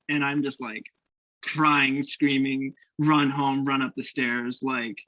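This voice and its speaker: A young man from Canada, a guest actor telling stories in a casual interview, animated and laughing, acting out the voices he quotes. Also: medium pitch, a little slow, dry recording. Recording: dull lo-fi dry sound.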